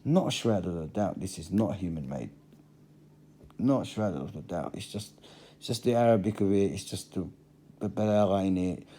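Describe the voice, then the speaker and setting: A man's voice: sits low, expressive, normal speed, mellow, breathy edge. A middle-aged man giving a passionate monologue to camera, repeating phrases for emphasis. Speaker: religious vlogger.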